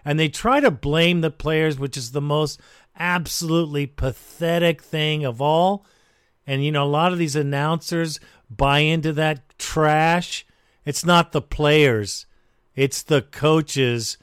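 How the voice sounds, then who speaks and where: A man hosting a sports call-in radio show, giving blunt, measured commentary. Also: a little high, steady tone, a bit bright, smooth, no echo, clean studio sound.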